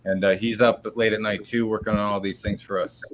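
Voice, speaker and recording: Relaxed Canadian host, lower voice. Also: male voice, brisk, soft background music, low-quality recording. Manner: relaxed, rambling, with fillers. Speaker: stream host. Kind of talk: casual live-stream chat.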